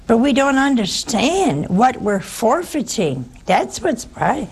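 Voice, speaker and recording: A woman's voice: a little high, very animated, takes it slowly, darkish tone, husky, low-quality recording. An older woman, a religious sister, giving a spiritual talk full of personal stories and rhetorical questions to her listeners.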